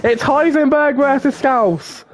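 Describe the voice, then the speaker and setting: A man commentating live on a sim racing qualifying session, swinging between low murmurs and excited outbursts. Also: slow pace, a little hiss or hum. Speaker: race commentator.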